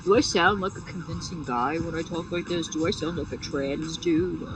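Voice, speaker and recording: A woman's voice: deep voice, normal speed, far from the mic, background noise, close to an everyday voice. A woman putting on a guy's voice in a teasing, questioning way.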